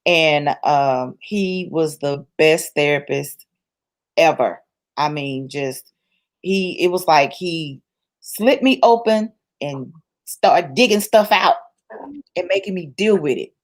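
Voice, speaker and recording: A woman's voice: sits low, lively intonation, slow pace. Emphatic woman telling her story. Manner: colloquial, church-rooted speech. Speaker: interview guest. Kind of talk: personal testimony in conversation.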